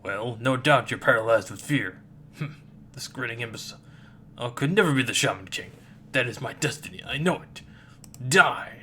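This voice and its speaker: A man's voice: mid-range voice, animated, moderate pace, bright, forceful tone, a little hiss or hum. A man voicing an arrogant teenage boy shaman who speaks with cold contempt.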